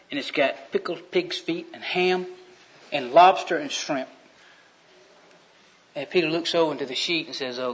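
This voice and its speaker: A man with a fairly high, fairly bright voice gives a sermon full of storytelling, delivered in a folksy, joking style with acted-out character voices. It's captured on a dull, lo-fi recording.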